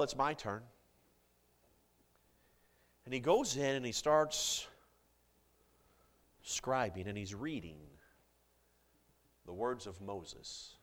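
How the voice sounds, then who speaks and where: A man preaching a sermon to a congregation, with big swings in loudness and pitch and jokes with the listeners.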